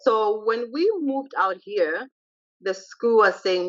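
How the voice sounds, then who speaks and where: Woman guest, mid-pitched, assertive and chatty; dull lo-fi recording. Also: slow pace. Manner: chatty, assertive, quotes her kids' exchanges. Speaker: podcast guest, mother of three. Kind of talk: casual conversation. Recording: muffled lo-fi recording.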